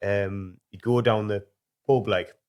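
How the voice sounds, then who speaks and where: A man's voice: lowish voice, fairly even intonation, takes it slowly, a little mellow, smooth. Man, podcast host, casual chat, short agreements, plain conversational delivery. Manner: listens with short agreements, retells a story briefly.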